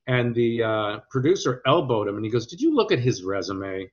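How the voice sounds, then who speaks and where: This actor talks fairly quickly with hardly any pauses, his medium-pitched voice slightly rough, as he shares anecdotes in a conversational interview. The storytelling is rambling and hesitant, full of restarts and lively quoted voices, and the recording is dull and lo-fi.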